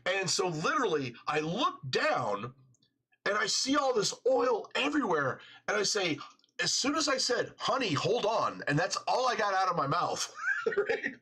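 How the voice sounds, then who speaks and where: Animated husky man telling a story. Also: high voice, normal speed. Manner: animated, laughing storyteller, swearing freely. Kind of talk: casual storytelling chat.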